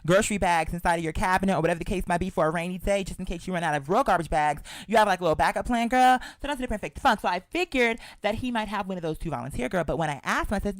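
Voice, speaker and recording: Sassy host spilling a story, keeps saying girl, mid pitch, dry close mic. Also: lively intonation, fast talker, no room sound. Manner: sassy, chatty, calls the listener "girl". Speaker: show host. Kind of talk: casual storytelling monologue.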